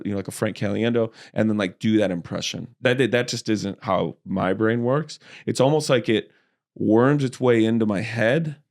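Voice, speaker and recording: A man, a comedian guest, in casual chat, telling animated stories and slipping into voices. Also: on the low side, vocal fry. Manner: animated storyteller, slips easily into voices.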